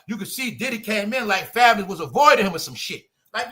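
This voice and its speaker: High bright New man chatting. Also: fast, hardly any pauses. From New York. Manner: animated, addresses audience as y'all, mimics voices. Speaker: commentary show host. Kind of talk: casual celebrity gossip commentary.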